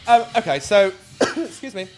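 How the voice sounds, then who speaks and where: A man's voice: high-pitched, very animated, moderate pace. A man who runs a scare attraction, answering interview questions in a rambling way with many ums and restarts. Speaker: attraction creator. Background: faint music.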